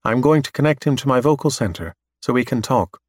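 A man voicing a calm, precise android scientist who speaks matter-of-factly. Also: medium pitch, a little fast, no room sound, studio quality, natural voice. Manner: completely calm, matter-of-fact.

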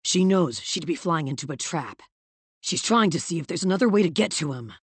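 A sardonic male villain with a husky edge, as a woman reader puts him on, tossing off wry, clipped retorts with a lively, swinging pitch. He sounds commanding and dry in an audiobook read. The recording is close and dry, with no room sound. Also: a little fast, no echo, heavily acted. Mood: urgent commanding. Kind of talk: audiobook character voice.

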